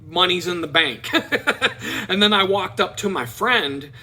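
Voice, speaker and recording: A middle-aged man telling a personal story on his vlog, animated and playful. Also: sits high, slow, breathy edge. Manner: animated, playful, mimics people in quotes. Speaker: vlogger.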